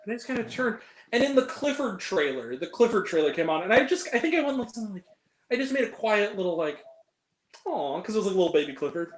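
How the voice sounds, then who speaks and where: A woman's voice: medium pitch, sing-song, fast talker. A woman co-hosting a casual chat, telling a story animatedly and laughing often. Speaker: podcast co-host. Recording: roomy echo.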